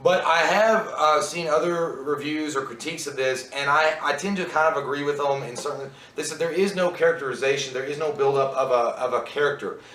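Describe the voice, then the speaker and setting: A man reviewing a horror movie in casual chat, profane and animated, often acting out characters' lines. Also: fairly high pitch, a little fast, few pauses. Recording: echoey room, mic at a distance.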